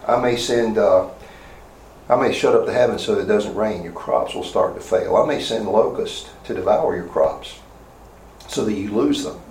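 A man's voice: on the low side, animated, moderate pace, a little mellow. A man preaching a sermon, earnestly paraphrasing scripture with stern emphasis. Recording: roomy echo, distant mic, faint hum.

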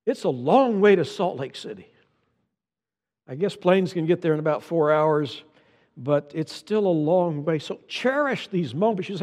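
A man's voice: fairly high pitch, lively intonation, moderate pace, a little mellow, long reverb tail. An older man preaching a sermon, folksy and anecdotal, repeating key lines for emphasis. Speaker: pastor.

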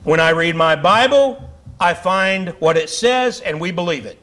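Male pastor, high-pitched, fiery conversational sermon delivery in a church. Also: expressive, a little slow, a bit bright, slight background noise. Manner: fiery, conversational preaching with asides and laughs. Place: church sanctuary.

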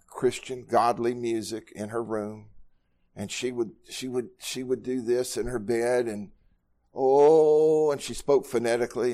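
Earnest pastor preaching at a Bible study. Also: male voice, mid-range voice, darkish tone. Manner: earnest, repeats words when moved.

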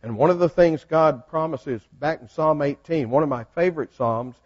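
A man teaches a Bible study in a folksy, conversational way and keeps turning questions back to his class. His voice sits a little high. The recording is dull and lo-fi. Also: moderate pace. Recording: dull lo-fi sound.

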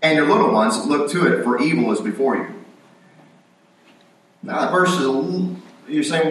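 A man's voice: a little high, animated, moderate pace, long pauses, a bit bright. A man preaching a sermon in a conversational style, acting out quoted lines with rising emphasis. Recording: very echoey room, voice from a distance.

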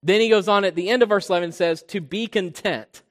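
A man preaching a sermon as pastor. He swells loud on key points and drops low and soft on quiet ones. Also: racing, clean tone. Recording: long reverb of a large hall.

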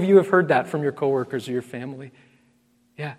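A man's voice: medium pitch, brisk, a little mellow, big-room sound. A man preaching a sermon as pastor, earnest and emphatic, repeating key phrases and calling his listeners friends.

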